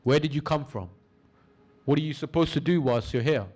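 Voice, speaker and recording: A course instructor with a slightly high voice teaches a class in a lively way, asking the audience questions and slowing down for emphasis during guided imagery.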